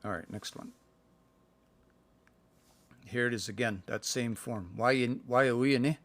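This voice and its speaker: A man from Canada giving a casual livestream language lesson, thinking aloud and slowly sounding out words between fillers. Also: mid-range voice, fairly bright tone, dry recording. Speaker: language learner sharing practice phrases. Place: indoors, livestream. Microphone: phone.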